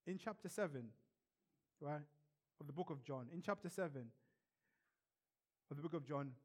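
Brief: male preacher, high voice, emphatic repetition, rhetorical questions. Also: moderate pace. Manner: emphatic, repetitive, rhetorical questions, drops to soft hush for effect. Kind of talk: sermon.

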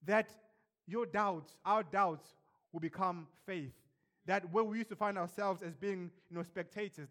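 A man preaching a sermon, emphatic and repetitive, asking the congregation rhetorical questions and dropping to a hush for effect. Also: sits high, fairly even intonation, measured pace.

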